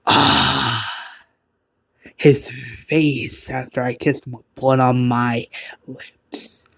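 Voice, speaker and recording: A man's voice: medium pitch, little pitch movement, extremely slow, creaky, fairly bright tone, no echo, exaggerated voice. A man voicing a gleeful, treacherous young woman survivor who taunts her captors in a fan zombie story. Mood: gloating.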